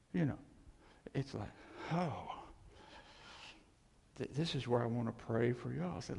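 Husky preacher in an echoing hall. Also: male voice, mid-range voice, unhurried, long pauses. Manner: animated, self-deprecating, rambling asides. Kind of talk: informal sermon.

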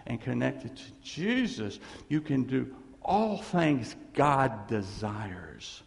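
A pastor preaches a sermon, animatedly telling stories with laughter and acted-out quotes, and a long hall reverb fills the recording. His medium-pitched voice moves slowly with vocal fry and few pauses.

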